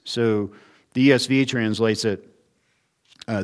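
A man's voice: on the low side, fairly even intonation, measured pace, pauses often. A man preaching an expository sermon as pastor, in an earnest teaching manner that poses rhetorical questions and shifts his emphasis often.

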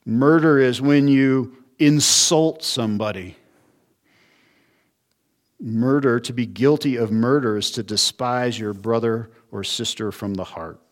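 A man preaching an expository sermon, sounding earnest as he works through the text. He asks rhetorical questions and answers them himself, pressing hard on some words and dropping low on others. His voice sits at an ordinary middle pitch for a man. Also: unhurried. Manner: earnest teaching, rhetorical questions, varied emphasis. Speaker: pastor.

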